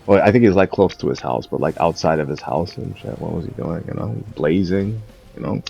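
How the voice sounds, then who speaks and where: A man's voice: low-pitched, animated, brisk, vocal fry, dark tone, husky, dull audio. A young man ranting in a casual, profane and mocking way, rambling between thoughts. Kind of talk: casual rant.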